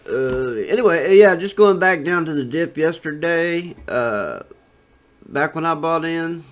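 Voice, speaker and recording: A man's voice: fairly high pitch, animated, slow, a bit bright. A man giving casual, rambling commentary on trading charts, laid-back and full of fillers and restarts. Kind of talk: casual screen-share commentary.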